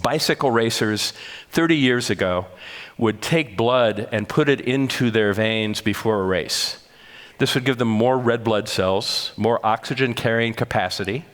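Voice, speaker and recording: An older man giving a measured, explanatory public lecture at a conference, sometimes correcting himself as he goes. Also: mid-range voice, a bit bright. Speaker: conference speaker. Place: large conference hall. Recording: long reverb of a large hall.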